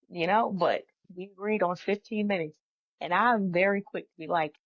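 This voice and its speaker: A woman co-hosting a podcast, telling stories in a lively way and acting out the lines of people in them. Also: lowish voice, moderate pace, no room sound, highs cut off. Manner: animated storyteller, acts out quoted dialogue. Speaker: podcast co-host. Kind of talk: casual podcast conversation.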